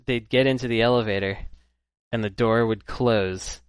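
A man's voice: medium pitch, steady tone, moderate pace, clean tone, dry recording. A man co-hosting a casual podcast chat, telling rambling anecdotes and quoting people in passing. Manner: rambling anecdotes with acted quotes. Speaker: podcast co-host.

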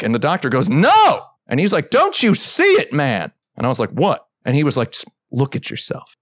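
A man's voice: no room sound, clean studio sound. A male podcast host in casual chat, telling a long joke story and acting out every voice in it. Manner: acts out both sides of a story, jumping into a high voice for others' lines.

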